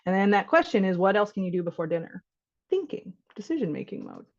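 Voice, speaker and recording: A woman's voice: mid-range voice, fast. Chatty woman doctor, slightly dull audio. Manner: lively, often laughing, acts out parent and child lines. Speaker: physician leading a caregiver workshop. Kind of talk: conversational workshop talk. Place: online workshop.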